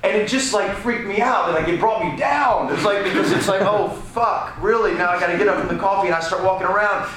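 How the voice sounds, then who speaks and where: High-voiced guy telling a story at a press panel, swears, keeps restarting, big echoey noisy room. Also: fairly quick, hardly any pauses. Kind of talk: animated anecdote. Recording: echoey room, background noise.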